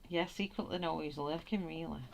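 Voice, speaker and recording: This coloring livestream host has a low, gravelly voice and a brisk, steady tone. Chatty and quick to laugh, she reads viewer comments aloud between strokes, recorded at home amid noise and pencil clicks.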